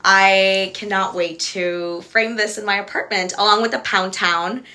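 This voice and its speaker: A woman's voice: mid-range voice, fairly even intonation, measured pace, pushed and bright. A young woman hosting a casual livestream from home, giggly, easily distracted and rambling between stories. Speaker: livestream host.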